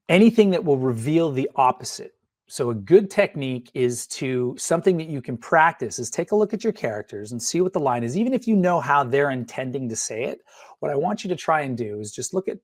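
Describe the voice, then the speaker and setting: A man's voice: medium pitch, no room sound. Middle-aged man teaching, dry and chatty. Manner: conversational, peppered with "right?" and "you know", acting out sample line readings. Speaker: acting and screenwriting instructor. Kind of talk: webinar lecture. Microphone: webinar microphone.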